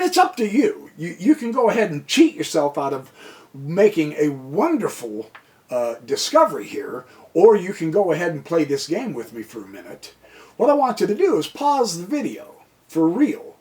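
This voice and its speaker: A tired American man giving a casual chess lesson, rambling and joking to himself between points. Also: a little high. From United States. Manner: rambling, jokey asides, mutters to himself. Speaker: chess teacher.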